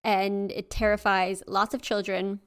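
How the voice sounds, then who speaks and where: A woman co-hosting a podcast, reading a folktale aloud and chatting between passages in a lively way, laughing easily. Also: medium pitch, unhurried, clean tone. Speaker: podcast co-host and storyteller. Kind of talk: story reading and casual chat.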